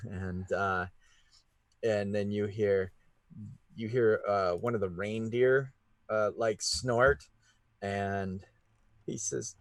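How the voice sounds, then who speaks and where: A man narrating a tabletop game as game master, halting and full of restarts. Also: lowish voice, steady tone, no echo.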